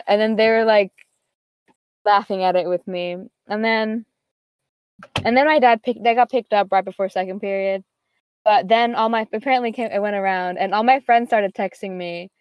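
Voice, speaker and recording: A woman's voice: medium pitch, steady tone, moderate pace, smooth, dull audio. Rambling teenage girl telling a story. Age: teens. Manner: rambling, filler-heavy, quotes others. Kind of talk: casual chat.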